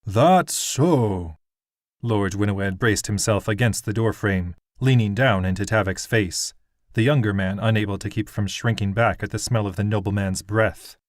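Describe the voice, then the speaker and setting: A man narrating a fantasy audiobook in a steady, even storytelling manner. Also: on the low side, normal speed, dry recording, clean studio sound.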